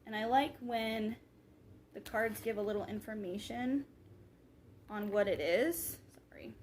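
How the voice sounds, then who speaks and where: A woman's voice: medium pitch, unhurried, a little mellow, a little hiss or hum. A young woman, chatting casually in a vlog, rambling with many fillers. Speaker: vlogger.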